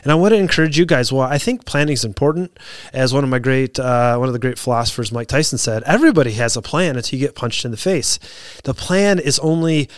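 A man's voice: medium pitch, fast, no room sound, clean studio sound. A man, a fire officer, giving an earnest motivational talk built on stories from training new firefighters, often restarting his sentences. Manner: earnest, repeats and restarts, gets heated retelling.

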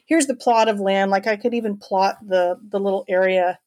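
A woman's voice: mid-range voice, steady tone, normal speed, a little mellow. A middle-aged woman from Canada, a guest telling a personal story in conversation, earnest and emotional, rambling with many fillers. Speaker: guest telling her adoption search story.

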